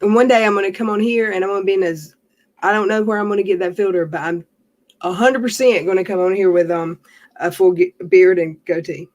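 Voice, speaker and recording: A woman's voice: fairly low pitch, darkish tone. A woman hosting a casual livestream, chatting in a rambling way and laughing often. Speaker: livestream host.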